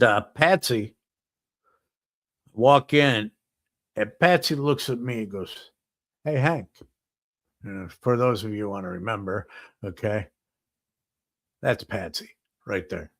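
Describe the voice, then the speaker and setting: A man hosting a talk show, telling a long anecdote in an animated, profane way. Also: on the low side, measured pace, pauses often. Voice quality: animated, profane storytelling with many "he goes".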